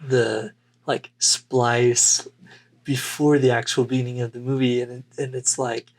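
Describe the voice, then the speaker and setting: Male podcast co-host, unhurried rambling delivery. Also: mid-range voice, level tone. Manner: rambling, unhurried, many fillers. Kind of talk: casual chat.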